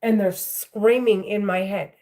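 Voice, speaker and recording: A woman talking to the camera at home, halting and repetitive, often restarting her sentences. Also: mid-range voice, fairly even intonation, warm tone. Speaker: vlogger.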